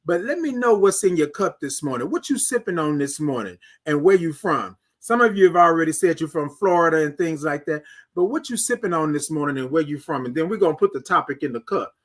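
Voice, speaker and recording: A man with a Texan accent hosting a live morning stream, chatting with viewers and singing out long, drawn-out greetings. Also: fairly high pitch. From Texas. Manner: animated, sings out drawn-out greetings. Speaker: host.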